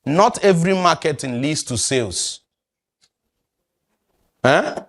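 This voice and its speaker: A man's voice: a little high, lively intonation, slow pace. A man, teaching a sales class and quizzing his audience. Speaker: sales trainer. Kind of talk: classroom lecture.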